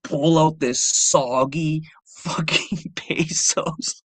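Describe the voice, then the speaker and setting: A man on a livestream, telling a rambling, profane story in a casual, animated way. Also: on the high side, very slow, dry recording. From Canada. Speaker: livestream host. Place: home livestream setup.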